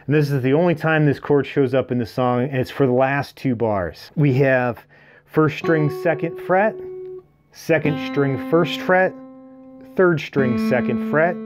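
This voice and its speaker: A man giving a guitar lesson, explaining chords and strums plainly and counting beats aloud as he plays. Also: fairly high pitch. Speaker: guitar teacher. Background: his own acoustic guitar playing.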